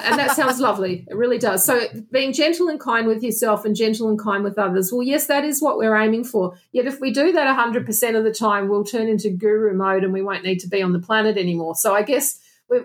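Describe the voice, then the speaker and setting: A woman's voice: on the high side, fairly quick. A woman guest, a past life regression therapist, speaking earnestly and reflectively in a casual interview, often restarting her sentences. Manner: earnest, reflective, with frequent restarts and "you know".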